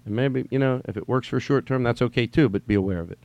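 A man's voice: mid-range voice, fast, a little mellow, no room sound. A man hosting a podcast, talking in a loose, rambling way, swearing now and then and stopping to act out text messages. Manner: rambling, swearing, mimics texts in sing-song voice. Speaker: podcast host. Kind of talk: casual rambling podcast monologue.

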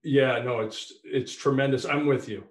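A man chatting casually on a podcast in a halting, jokey way with many restarts. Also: mid-range voice, fairly even intonation, roomy sound.

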